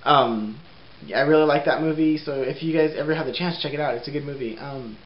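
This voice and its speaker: Young man, slightly high voice, rambling vlog chat, echoey room, dull hissy sound. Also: fairly quick. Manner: chatty and rambling, laughs often, many ums. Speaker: vlogger. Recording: roomy, dull lo-fi sound with faint hiss.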